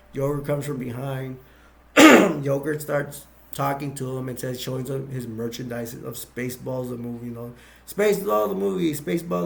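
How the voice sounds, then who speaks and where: A man's voice: mid-range voice, vocal fry. A man casually retelling a movie plot as a reviewer, rambling with lots of fillers and restarts.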